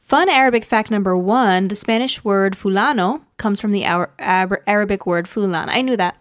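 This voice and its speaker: A woman co-hosting a podcast, reading a listener's email aloud in casual chat, with dry, brief replies and halting reading. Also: mid-range voice, dry recording. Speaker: podcast co-host.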